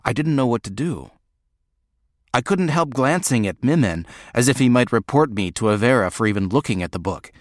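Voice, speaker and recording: A man narrating a first-person novel in a measured, reflective way. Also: mid-range voice, lively intonation, no room sound, clean studio sound. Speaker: audiobook narrator.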